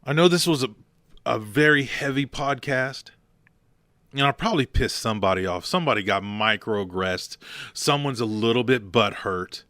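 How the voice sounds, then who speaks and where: A man's voice: mid-range voice, lively intonation, normal speed, bright, forceful tone, dry recording, studio quality. A man hosting a motivational podcast, talking bluntly and telling stories with emphasis. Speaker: podcast host.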